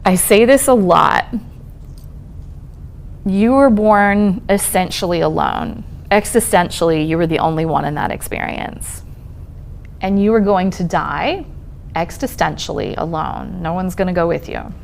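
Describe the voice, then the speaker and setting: Her voice is on the low side with vocal fry, lively intonation, and a slightly slow delivery, over slight background noise. As a therapist talking on trauma and resilience in a college lecture room, she stays conversational and reassuring, checking in often with "okay?" and saying "um" a lot.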